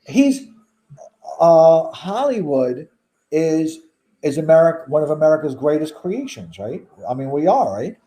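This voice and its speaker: A man's voice: on the high side, very animated, measured pace, dark tone. A man in casual conversation who argues his opinions emphatically and piles on rhetorical questions. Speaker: guest. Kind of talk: casual chat.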